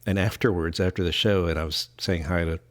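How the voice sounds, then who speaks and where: A man's voice: deep voice, fairly even intonation, brisk. A middle-aged man co-hosting a podcast, chatting casually, rambling through stories and chuckling often. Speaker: podcast co-host, voice actor. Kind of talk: casual chat.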